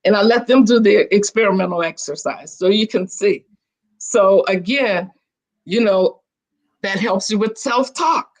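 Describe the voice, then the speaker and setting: A woman's voice: medium pitch, measured pace. Chatty older woman on a video call. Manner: animated, chatty, restarts her sentences. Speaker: guest. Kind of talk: casual storytelling on a video call.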